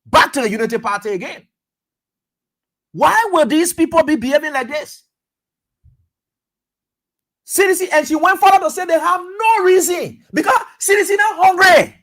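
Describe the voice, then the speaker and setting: A radio talk host delivers political commentary in a high voice. The delivery is emphatic and circles back on phrases. Rhetorical questions are aimed at listeners. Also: moderate pace, pauses often, a bit bright.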